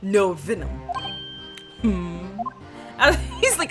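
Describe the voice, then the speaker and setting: A woman's voice: mid-range voice, sing-song, extremely slow, long pauses. A woman giving casual, chatty commentary on a game playthrough, with frequent laughing asides, over game music. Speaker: let's player.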